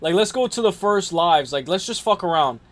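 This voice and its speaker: A man with a high voice chats loosely on a live stream about fight picks. His talk rambles and circles back on itself, full of fillers and restarts. He sounds like a regular stream host talking straight to his viewers. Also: animated, normal speed, fairly bright tone. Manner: rambling, filler-heavy, says dude a lot.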